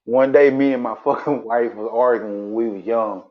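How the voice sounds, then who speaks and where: A man's voice: medium pitch, steady tone, moderate pace. Profane laughing storyteller man, lo-fi.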